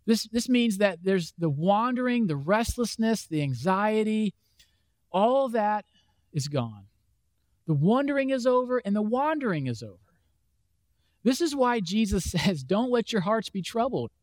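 A man's voice: high-pitched, sing-song, unhurried, darkish tone, no echo. A man preaching a conversational sermon as a pastor, acting out the questions of imagined listeners. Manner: conversational, acts out imagined voices.

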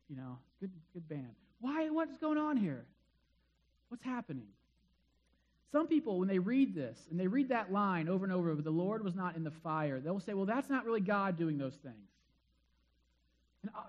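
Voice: medium pitch, highs cut off. A preacher giving a sermon in a casual, conversational way, firing rhetorical questions at the listeners and dropping playful jokes along the way.

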